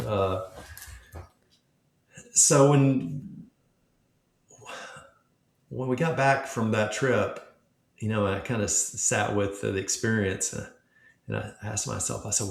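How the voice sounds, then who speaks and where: A man with a low, gravelly voice tells a story casually as a podcast guest, slipping into the voices of the people he quotes. He is recorded in a room with a noticeable echo. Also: moderate pace. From Memphis, United States. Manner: animated storyteller acting out quoted dialogue. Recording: echoey room.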